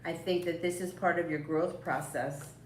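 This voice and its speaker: A woman's voice: low-pitched, fairly even intonation, normal speed, distant mic. Chatty woman reading tarot, echoey room. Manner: chatty, reassuring, rambling with fillers and small laughs. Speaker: tarot reader. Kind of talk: live-stream tarot reading, casual chat. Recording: echoey room, voice a bit off-mic, faint background noise.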